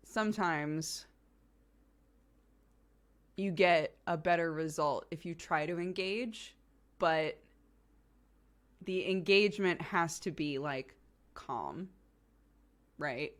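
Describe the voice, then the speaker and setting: A woman's voice: on the low side, takes it slowly, long pauses. A young woman streamer telling a story in casual chat, laughing often and acting out the quotes. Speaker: streamer and host.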